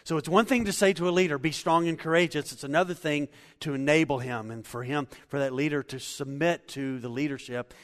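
A man's voice: medium pitch, long reverb tail. A man in his forties preaching a conversational sermon as pastor, talking easily and personally. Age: 40s. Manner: conversational, laughing asides.

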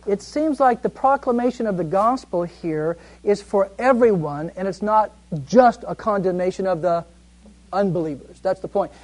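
High-voiced man teaching Bible study. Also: darkish tone, rough recording. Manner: conversational, asks the group questions and answers them himself; reads scripture aloud, then explains it.

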